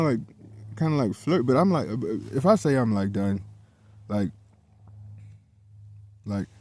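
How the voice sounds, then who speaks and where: A man's voice: medium pitch, warm tone, no echo. A man telling a personal story in a casual, heated monologue, swearing often and repeating himself as he goes.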